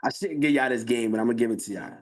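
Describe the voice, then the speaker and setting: A man giving a live webinar sales pitch, hyped and talking straight to the chat, repeating his phrases for emphasis. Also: racing, darkish tone. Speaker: webinar presenter.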